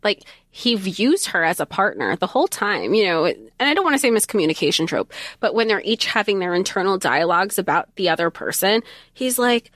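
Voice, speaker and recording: Woman co-host, casual book chat, lively quoting, middle pitch. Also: brisk, no echo. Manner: animated, acts out quotes, laughs often. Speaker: podcast co-host.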